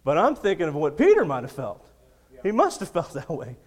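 A man in his thirties preaching a sermon with a storyteller's touch, chuckling often between lines. He drops to near-quiet, then builds to loud, emphatic peaks. His mid-range voice rings out into a long hall reverb. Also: medium pitch, sing-song, normal speed.

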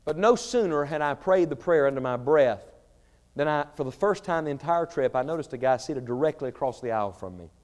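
A man preaching a sermon, swinging between shouted fervor and quiet storytelling. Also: fairly high pitch, animated, fairly quick. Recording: reverberant large hall.

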